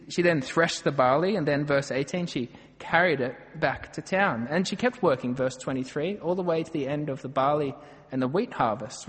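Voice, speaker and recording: A man's voice: on the high side, big-room sound. An Australian man preaching a sermon, earnest and emphatic as he works through a passage verse by verse.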